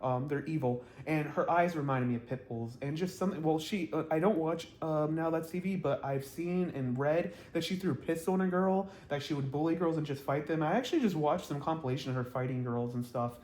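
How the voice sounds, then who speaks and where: A man's voice: on the high side, brisk, few pauses, darkish tone, roomy sound. A man reviewing a reality TV episode to camera in a blunt, gossipy, rambling way, with lots of fillers and laughs. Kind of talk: casual vlog commentary. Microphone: camera mic, talking to camera.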